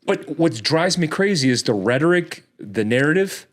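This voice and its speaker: A man talking as a podcast guest in casual chat, ranting heatedly, often restarting his words and jumping up in pitch when exasperated. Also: very animated, normal speed. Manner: frequent restarts and repeated words.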